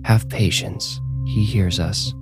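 A man voicing a calm, mystical woman fortune-teller who talks in a soothing, measured way, with music behind. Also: lowish voice, natural voice.

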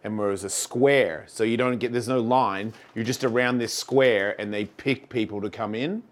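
A man's voice: mid-range voice, steady tone, moderate pace. Rambling storytelling man in his fifties. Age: 50s. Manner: rambling storyteller, acts out voices. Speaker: podcast co-host. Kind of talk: casual chat.

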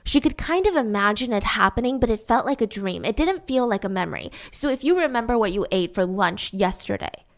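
High-pitched woman telling a true-crime story in a loose, chatty style. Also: animated, brisk, few pauses. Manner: chatty, filler-heavy retelling.

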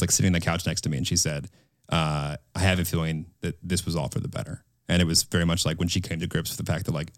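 A man's voice: sits low, no room sound, studio quality. A young man co-hosting a podcast, telling a personal story in a rambling, candid way. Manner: rambling, with fillers and restarts. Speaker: podcast co-host. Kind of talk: casual podcast chat. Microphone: studio mic.

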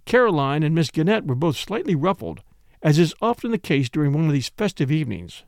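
A man reading a mystery novel aloud in measured, expressive audiobook narration. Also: fairly high pitch, no echo, studio quality. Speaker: audiobook reader.

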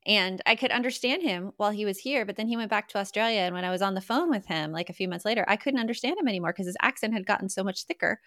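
American woman podcast host, bright forceful voice, super dry close sound, laughs a lot. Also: medium pitch, very fast, hardly any pauses, dry recording. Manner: enthusiastic, laughs often. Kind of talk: casual interview chat.

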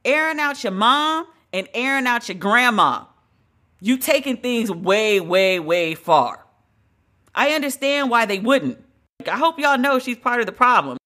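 A solo podcast host riffs on celebrity news with a bright, forceful voice. The delivery is emphatic and dramatic, full of slang, swearing and long exclamations. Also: mid-range voice.

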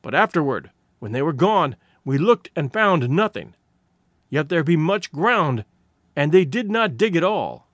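Man doing a sly village speechmaker, winding up the crowd, lively voice. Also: fairly high pitch, measured pace, no room sound, clean studio sound. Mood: persuasive. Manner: orating, persuasive. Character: shrewd persuasive village man with a crooked neck.

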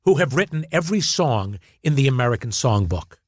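A man, a guest actor, telling stories in casual chat, animated, repeating words and acting out quotes. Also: medium pitch, fairly quick, slightly rough, no echo, clean studio sound.

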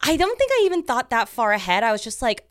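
A young woman chatting as a podcast guest, rattling off an animated story at a quick clip. Her voice is clear and smooth, and the sound is dry and close with no room echo. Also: a little high. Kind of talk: casual storytelling chat.

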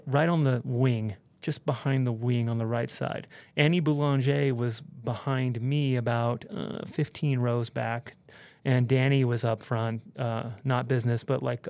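A man, a podcast guest, telling a story in a casual, animated way, full of swearing and "like" and "dude". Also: medium pitch, vocal fry, dry recording. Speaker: podcast guest, pro snowboarder.

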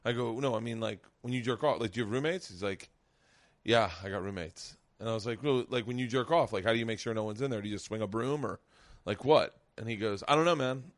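A man's voice: on the low side, fast talker. A middle-aged man hosting a podcast, telling a profane story in casual chat and acting out the quotes as he goes. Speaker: podcast host.

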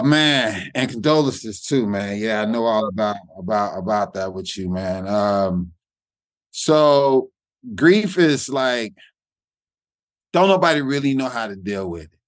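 A man's voice: mid-range voice, no room sound. A middle-aged comedian, telling a personal story in an interview, looping and repeating words as he talks. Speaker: guest comedian. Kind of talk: reflective interview talk.

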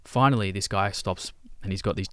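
Low-voiced Australian man telling a lively story. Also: a little fast, clean tone, dry recording, studio quality. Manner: animated storyteller, matey slang. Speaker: podcast co-host. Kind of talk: casual chat.

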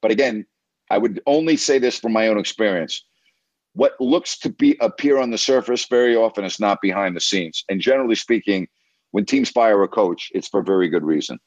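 Male sports radio host, somewhat low voice, emphatic and lecturing, repeats his points, dry muffled sound. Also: big pitch swings, a little fast, no echo. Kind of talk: coaching a caller on air.

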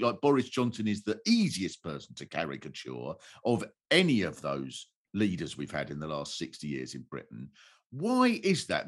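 Lively-voiced male podcast host. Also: mid-range voice. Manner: eager, rambling questions. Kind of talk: casual chat.

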